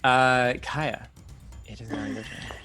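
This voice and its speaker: A man's voice: mid-range voice, slow, pushed and bright, soft background music. A British man narrating as dungeon master, dramatic and laughing as he tells the action. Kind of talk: narrating a tabletop game.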